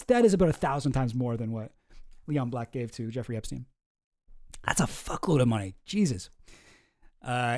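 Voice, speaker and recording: A man's voice: on the high side, mellow, dry recording, clean studio sound. A man casually reading news articles aloud and breaking off into sarcastic asides, mock voices and restarts. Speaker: political commentary streamer.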